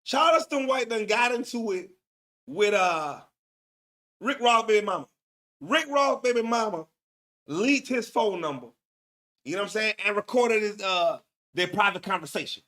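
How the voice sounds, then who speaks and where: A man's voice: high-pitched, expressive, normal speed, pauses often, a bit bright. A man hosting a live stream, talking in slangy, profane casual commentary and laughing often. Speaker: livestream host.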